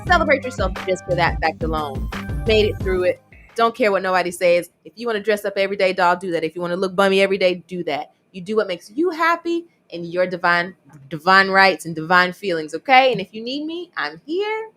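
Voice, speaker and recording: A woman's voice: medium pitch, expressive, a little fast, a bit bright, faint music behind. Uplifting woman guest giving encouragement. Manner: uplifting, encouraging, speaks to women directly. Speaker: podcast guest, mental health coach. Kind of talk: casual chat.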